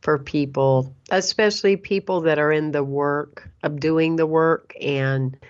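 Low-pitched woman host, reflective and measured, muffled lo-fi radio sound. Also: fairly even intonation. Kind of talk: casual talk show chat.

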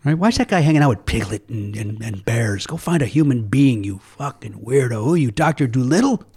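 Fast-talking joking male podcast host. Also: medium pitch, animated, warm tone, slightly rough. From Chicago. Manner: quick, joking, swears freely. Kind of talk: casual comedy podcast chat. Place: Los Angeles.

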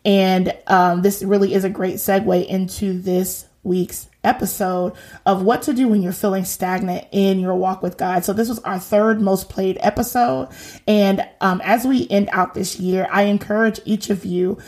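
A woman in her thirties hosting a faith podcast, talking in a lively, slangy, encouraging way. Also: medium pitch, normal speed. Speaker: podcast host. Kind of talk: casual faith talk.

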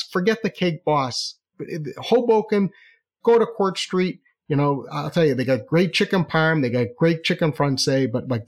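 A man telling a personal story in an animated, chatty way, full of asides and restarts. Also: mid-range voice.

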